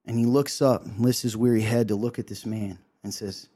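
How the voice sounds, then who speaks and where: A man's voice: mid-range voice, fairly even intonation, normal speed, few pauses, dark tone. A man co-hosting a show, giving an emotional sermon-style talk, earnestly acting out quotes and often asking "right?". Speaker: co-host sharing a devotional.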